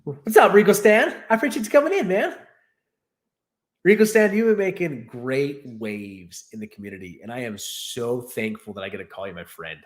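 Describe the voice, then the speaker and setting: A man's voice: medium pitch, lively intonation, normal speed. A man casually chatting on his livestream, rambling and laughing as he tells stories. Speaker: streamer and host. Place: new home in Texas.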